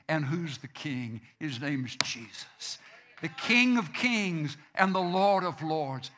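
A male pastor delivering a sermon at a slow, measured pace. His voice sits a little high and sounds bright and forceful. He leans on repeated phrases to drive points home. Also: big pitch swings. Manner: slow, deliberate preaching with emphatic repetitions.

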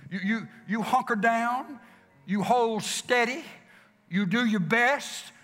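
A man preaching a sermon, repeating phrases for emphasis and swinging from loud exclamations down to hushed whispers. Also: very high-pitched, slow. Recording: long hall reverb with faint music.

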